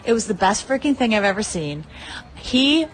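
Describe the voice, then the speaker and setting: A woman gushing excitedly through a story of her own win, swearing freely and full of "like" and "you know.". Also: on the high side, moderate pace, a little hiss or hum. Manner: uses many fillers like "like" and "you know". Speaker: pinball player telling a tournament story. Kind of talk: casual storytelling monologue.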